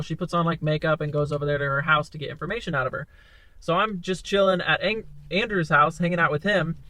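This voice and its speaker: A young man telling a story casually to camera, animated, with lots of fillers and quoted dialogue. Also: fairly high pitch, no echo. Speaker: vlogger.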